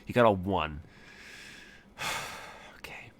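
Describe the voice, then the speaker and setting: A man runs a tabletop game, narrating in a somewhat low voice. He wanders through his descriptions, full of fillers and restarts. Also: slow. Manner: rambling, many fillers. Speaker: game master.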